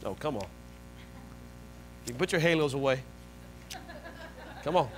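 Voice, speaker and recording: A man preaching a sermon as pastor, animated, swinging between soft low asides and loud high-pitched bursts. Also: measured pace, a little hiss or hum, low-quality recording. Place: church sanctuary.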